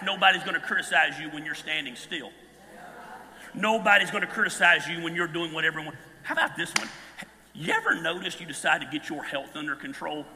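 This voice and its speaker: A man in his fifties preaching a sermon, telling stories with animated energy and bursts of shouting. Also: fairly high pitch, noisy background. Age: 50s. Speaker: pastor. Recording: long hall reverb.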